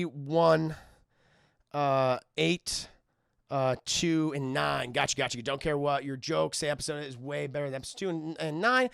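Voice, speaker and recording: A man reviewing a film live for his viewers, animated and profane, acting out scenes as he goes. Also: a little high, creaky, smooth, dry recording, clean studio sound.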